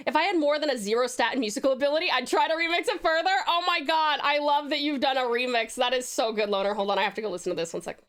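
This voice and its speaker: A woman's voice: sits high, quick pace, hardly any pauses, a bit bright. A young Australian woman streaming live, chatting with viewers in a bubbly, giggly way while she snacks. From Tasmania, Australia. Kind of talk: casual live stream chat.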